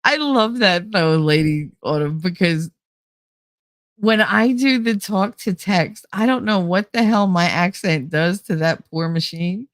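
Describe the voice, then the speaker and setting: A woman's voice: on the low side, measured pace, dry recording. Woman with a Jersey accent, laughing. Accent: New Jersey. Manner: laughs often, rambling and candid. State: stuffy nose, sounds nasal. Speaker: livestreamer. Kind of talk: casual chat.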